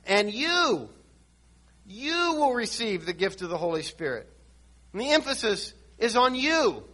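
A man's voice: high-pitched, bright, forceful tone. A man preaching a sermon, teaching verse by verse through scripture with emphatic points and frequent restarts. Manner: reads and explains scripture verse by verse.

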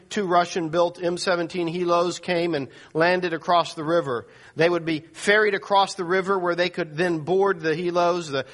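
A male pastor preaching a sermon, telling a dramatic story and acting out the quoted people. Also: a bit bright. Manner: storytelling, voices quoted people with rising pitch.

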